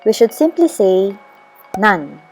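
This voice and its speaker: A woman teaching a beginner's lesson at an unhurried, patient pace, spelling out each pattern with clear enunciation. She slips in the odd Tagalog phrase as she goes. Soft music plays faintly beneath her voice. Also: medium pitch, sing-song. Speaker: language teacher. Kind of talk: slow explanatory lesson.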